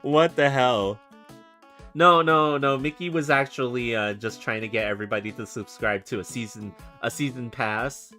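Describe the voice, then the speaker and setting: Low-voiced, giggly woman streamer. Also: steady tone, moderate pace, a bit bright, faint music behind. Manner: giggly, rambling. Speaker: streamer drawing illustrations. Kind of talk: casual chat.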